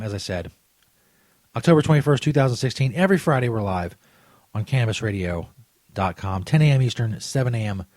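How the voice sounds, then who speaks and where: Husky, foul-mouthed male radio host. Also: medium pitch, a little mellow, dry recording. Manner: crude, irritable, mock-outraged. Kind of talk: comedy radio show. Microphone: studio microphone. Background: faint music.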